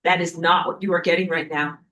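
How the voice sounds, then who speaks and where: A woman's voice: lowish voice, steady tone, fairly quick, a bit bright, slight background noise. A woman giving a casual, dramatic spiritual lesson, stopping now and then to find her place. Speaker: spiritual teacher.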